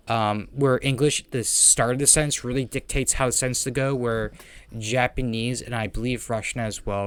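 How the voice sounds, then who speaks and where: Smooth and medium in pitch, this man's voice carries a heavy non-native accent as he hosts a podcast. The chat is casual and rambling, delivered fast with plenty of fillers and restarts.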